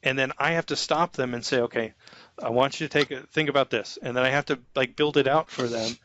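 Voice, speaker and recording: A man who manages an IT staff, talking informally about soft skills and acting out example conversations with a light chuckle. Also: mid-range voice, brisk, muffled recording, a little hiss or hum. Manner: conversational, acts out example dialogues, chuckles often. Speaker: IT manager giving career advice.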